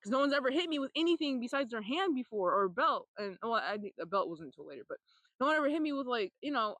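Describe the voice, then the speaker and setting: A young adult woman vlogging a personal testimony, telling her story in a halting, rambling way with lots of fillers and swearing. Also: a little high, sing-song, fairly bright tone, no room sound.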